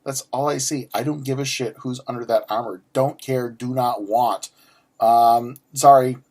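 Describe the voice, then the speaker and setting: A foul-mouthed man in his forties talks his way through a subscription box at an ordinary middle pitch. He rants sarcastically and stumbles over repeated words. Nothing about his voice stands out beyond the attitude. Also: steady tone, a little slow, a little mellow, slightly rough. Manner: ranty, profane, sarcastic, frequent restarts. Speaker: unboxing vlogger. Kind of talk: casual unboxing chat.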